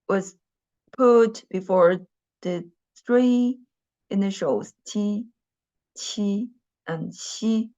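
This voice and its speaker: A woman teaches a class, her voice sitting a bit low and moving at an unhurried pace. She repeats her phrases and fills the gaps with small fillers. The recording sounds dull and lo-fi. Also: a little mellow. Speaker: Mandarin teacher. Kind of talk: classroom lesson.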